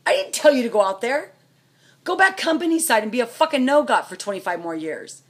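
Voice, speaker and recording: A woman in middle age unloads her anger in a profanity-laced vlog rant. Her voice is husky and sits a little high. She lurches from loud outbursts to low, muttered fury. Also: sing-song, fairly quick. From United States. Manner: furious, profane, swings between shouting and low muttering. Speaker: vlogger, trucker's wife. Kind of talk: angry venting rant to camera.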